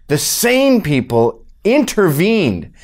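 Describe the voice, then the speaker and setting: A man's voice: sits high, sing-song, slow. A man delivering a mocking, sarcastic political rant full of profanity. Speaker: political commentator.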